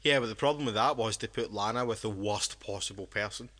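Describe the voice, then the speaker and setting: A man's voice: fairly low pitch, a little fast, bright, forceful tone. A drunk man, co-hosting a casual podcast chat and rambling with many restarts. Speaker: podcast co-host.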